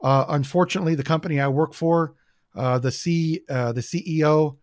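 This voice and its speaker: A man's voice: fairly high pitch, brisk, dry recording, studio quality. A man from the United States chatting casually as a podcast guest, telling rambling, enthusiastic stories with lots of fillers.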